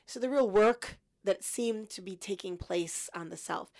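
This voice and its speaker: A woman in her fifties recounting her story as an interview guest, reflective and lively when quoting her past thoughts. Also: mid-range voice, unhurried. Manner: reflective, animated in quoted thoughts.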